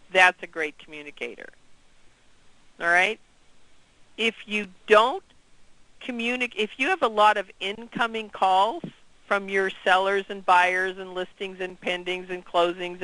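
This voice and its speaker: Energetic, bright-voiced male trainer. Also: high voice, no room sound, poor audio. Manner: energetic, questions the group. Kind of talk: interactive training session.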